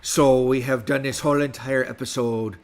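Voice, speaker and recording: A man's voice: medium pitch, steady tone, normal speed. A middle-aged man hosting a casual livestream, talking in a put-on West Country pirate accent. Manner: playful pirate talk, reads stats aloud. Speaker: livestream host.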